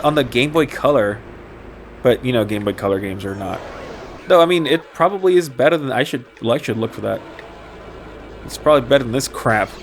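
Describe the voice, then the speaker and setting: A man's voice: mid-range voice, a little hiss or hum. A young man rambling and joking with profanity while commenting on a game. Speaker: gameplay commentator.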